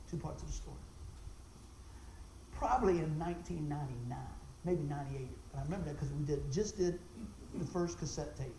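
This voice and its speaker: A man giving an animated, folksy testimony for a ministry, repeating himself and exclaiming as he tells the story. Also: fairly quick, roomy sound, noisy background. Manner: voice jumps high when excited, exclaims.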